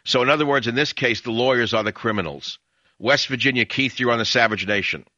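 A man's voice: mid-range voice, quick pace, sharp tone, no room sound. A man hosting a radio call-in show, ranting emphatically and reading aloud in a fiery manner. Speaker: radio talk show host. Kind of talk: talk radio monologue and call-in. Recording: dull lo-fi radio broadcast.

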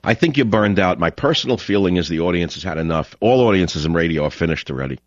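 A man rants through a talk radio monologue in a lowish voice, jeering one moment and muttering the next. The sound is dry and close, with a dull lo-fi broadcast tone. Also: animated, quick pace, no room sound. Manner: ranting, mocking, swings from shouting to muttering.

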